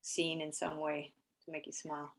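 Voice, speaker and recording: Chatty, fairly low woman communicator. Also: monotone, moderate pace. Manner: light laughter, chatty, frequent fillers. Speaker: animal communicator. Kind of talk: live online reading.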